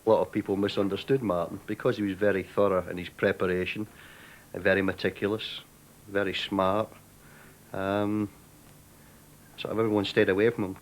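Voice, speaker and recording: Male ex-player, reflective and unhurried, on the lower side, slight room noise. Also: little pitch movement. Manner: thoughtful, unhurried recollection. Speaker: former footballer interviewee. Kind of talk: reflective interview.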